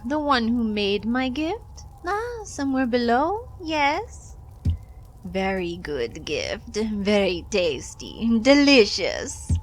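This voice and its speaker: A woman voicing a greedy, gluttonous female bug creature in a game, drawling slow and coaxing in a sing-song way. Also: fairly high pitch, wildly swooping pitch, slight background noise, voice pushed up, exaggerated voice, rough recording. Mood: greedy, savoring. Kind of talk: reading game dialogue aloud in a voice.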